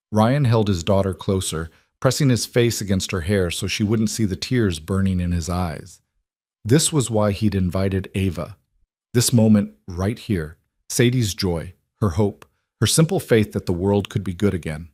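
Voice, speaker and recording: Low-voiced man narrating a story. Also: normal speed, a little mellow, dry recording, clean studio sound. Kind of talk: scripted narration.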